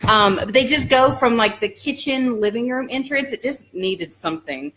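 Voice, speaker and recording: A woman's voice: fairly high pitch, lively intonation, moderate pace, a bit bright. A woman in her thirties with a Southern US accent, talking casually and upbeat in a home vlog, with frequent "um"s. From Alabama, US. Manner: chatty and upbeat, many "um"s. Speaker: vlogger. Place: home living room.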